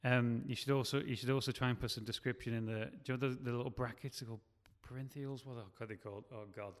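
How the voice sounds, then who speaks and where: A man's voice: mid-range voice, fairly even intonation, quick pace, in a large hall. A man, a scriptwriter, talking casually and rambling with many restarts. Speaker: scriptwriter and podcast host. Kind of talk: casual chat.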